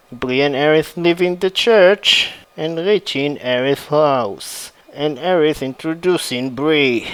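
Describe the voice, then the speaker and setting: A man's voice: a little high, animated, slow, few pauses, clear, resonant tone, no room sound. A man narrating a fan-made game story in a plain read-aloud manner. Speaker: channel narrator.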